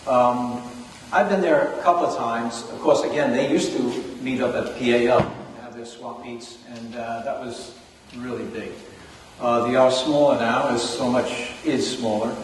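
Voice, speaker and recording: A man's voice: medium pitch, steady tone, slight background noise. New York man in an echoey hall. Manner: chatty, halting, many fillers and restarts. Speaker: club member presenting new business. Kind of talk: casual meeting talk. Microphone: distant room recording. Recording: echoey hall recorded from far off.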